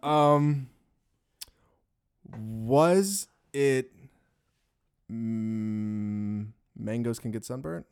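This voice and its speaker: A man's voice: mid-range voice, very slow, creaky, long pauses, darkish tone, clear, resonant tone. A man co-hosts a podcast with an everyday mid-range voice. During a quiz he jokes around and throws playful mock insults at his friends. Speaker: podcast co-host. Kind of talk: casual podcast quiz banter.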